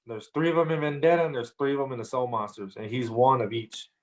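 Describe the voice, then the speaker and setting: A man's voice: medium pitch, fairly even intonation, fast talker. A man guest on a podcast, telling a story loosely with lots of slang and fillers. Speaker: rapper guest. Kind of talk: casual interview storytelling.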